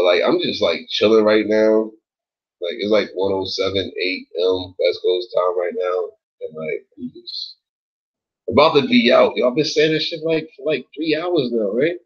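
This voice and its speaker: A man talks loosely through a late-night livestream, rambling, cursing freely, leaning on "like" and "yo." His voice sits a little low with a husky edge. The audio comes through dull and lo-fi. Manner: laid-back, rambling, swears a lot, says like and yo often. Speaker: livestream host reading chat.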